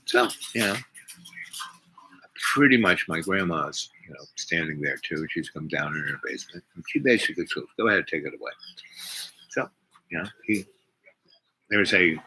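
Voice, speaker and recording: A man's voice: low-pitched, animated, normal speed, long pauses, bright, forceful tone. An older man telling a rambling personal story, meandering through restarts and asides. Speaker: speaker. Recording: noisy recording with clicks.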